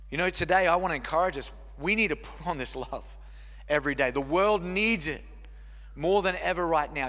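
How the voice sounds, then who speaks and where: A man's voice: a little high, bright, forceful tone. A man, preaching a sermon as pastor with an earnest, repetitive cadence. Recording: long reverb hall with faint music.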